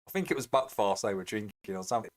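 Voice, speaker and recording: A man's voice: on the low side, animated, rapid-fire, very noisy. A man chatting casually as he reacts to a video, amused and laughing easily.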